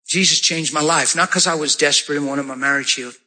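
A man preaching a sermon, telling a story with lively, animated delivery and jumping into high-pitched voices for the people in it. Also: fast. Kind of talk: sermon with testimony.

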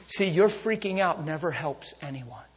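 A male preacher telling a story in a sermon to a congregation, moving between intimate hushes and fervent calls. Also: on the high side, lively intonation, normal speed, a crowd in the background. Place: church service with a congregation. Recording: long hall reverb.

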